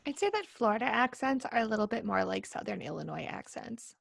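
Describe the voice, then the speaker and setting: A woman's voice: on the high side, lively intonation, brisk, creaky, no echo, clean studio sound. A woman from Minnesota with a Minnesota accent, co-hosting a podcast in casual, chatty talk with lots of fillers. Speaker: podcast co-host. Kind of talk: casual chat.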